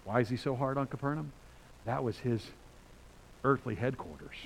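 A man preaching a sermon as pastor, conversational and emphatic, with sudden loud bursts. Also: mid-range voice, moderate pace, gravelly, slight background noise, poor audio.

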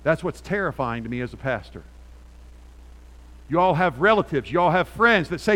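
A middle-aged male pastor preaches a sermon into a handheld mic, animated and emphatic, swinging between quiet asides and loud peaks. His voice is a little high and fairly quick, with a big-room sound.

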